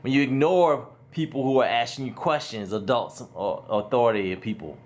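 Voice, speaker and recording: A man's voice: mid-range voice, normal speed. A man talking to his son in a home lesson, explaining plainly and a bit ramblingly. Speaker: parent teaching his son.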